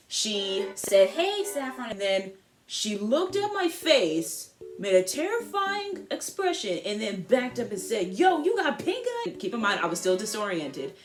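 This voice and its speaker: Animated teenage girl telling a story. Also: medium pitch. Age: teens. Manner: animated, slangy storytelling with voiced asides. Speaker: vlogger. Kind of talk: storytime vlog.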